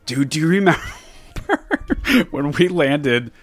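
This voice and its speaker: A man co-hosting a podcast in casual chat, rambling and joking with quick asides. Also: fairly high pitch, sing-song, faint music behind. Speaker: podcast co-host.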